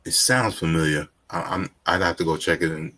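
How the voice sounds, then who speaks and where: A man's voice: sits low, brisk, pushed and bright. A man hosting a podcast interview, chatting casually and affirming his guest often. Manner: affirming, lots of "yep" and "mm-hmm". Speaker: podcast host.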